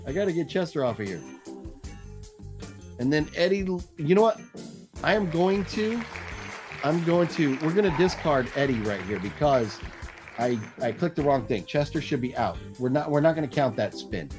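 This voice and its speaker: A man's voice: fairly high pitch, music in the background. Easygoing man hosting a live stream. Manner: lively, apologetic, chuckling, drawn-out name calls. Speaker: host of a live movie news stream. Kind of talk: casual live-stream giveaway chat.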